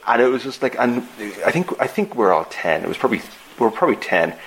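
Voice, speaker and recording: A man's voice: mid-range voice, big pitch swings, fast, fairly bright tone, a little hiss or hum, rough recording. An Irish man hosting a podcast over a remote call, rambling through anecdotes and restarting sentences with "like". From Ireland. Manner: rambling storyteller, restarts often with "like". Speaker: podcast host. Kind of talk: casual chat.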